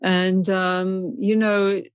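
A woman's voice: medium pitch, little pitch movement, extremely slow, clear, resonant tone, no echo. A woman from England, a guest in an interview, telling stories in a chatty, anecdotal way and laughing often. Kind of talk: storytelling in a conversation.

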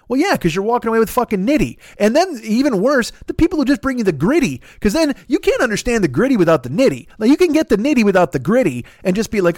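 A man hosting a podcast, doing a comedic ad read in a profane, rambling, animated riffing way. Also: sits high, fast, no echo, studio quality. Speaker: podcast host reading an ad.

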